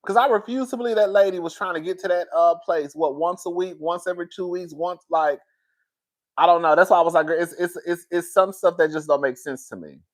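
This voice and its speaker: Animated woman chatting on a live stream. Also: fairly quick. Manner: animated, swings high and loud when worked up; talks straight to her viewers, reads their comments. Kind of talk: casual live-stream chat.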